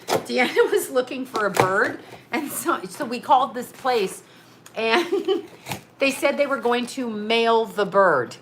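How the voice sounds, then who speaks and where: A woman's voice: a little high, slow pace, noisy background. A middle-aged woman vlogging at home, unboxing a care package with lots of laughing and exclamations. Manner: excitable, laughs often, exclaims "oh my God".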